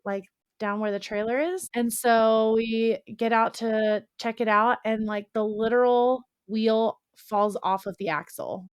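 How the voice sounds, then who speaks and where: A young adult woman in casual podcast chat, telling a rambling, animated story full of "like.". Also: a little high, unhurried, clear, resonant tone, no echo, studio quality. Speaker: podcast guest or co-host.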